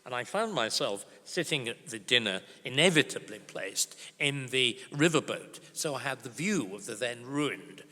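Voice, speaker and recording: An older man, a historian, speaking at a conference in an emphatic, grave and forceful way. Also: medium pitch, lively intonation, moderate pace, few pauses. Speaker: historian giving a conference talk. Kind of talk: conference speech and Q&A answer. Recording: reverberant conference hall.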